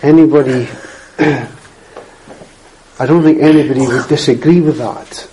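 A man reading scripture aloud and then preaching, in a measured, earnest way, often clearing his throat. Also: on the high side, dark tone, slight background noise, poor audio.

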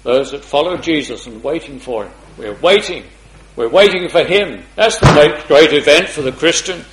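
A man preaches a gospel sermon in a fairly high voice, rising to loud declarations and dropping to hushed pleading. He clears his throat often as he goes. His voice rings around an echoey hall. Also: moderate pace.

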